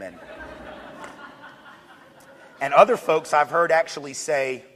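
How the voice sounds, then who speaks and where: A man giving an energetic public lecture with joking asides. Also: on the high side, slow, pauses often. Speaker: speaker on diversity. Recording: long hall reverb.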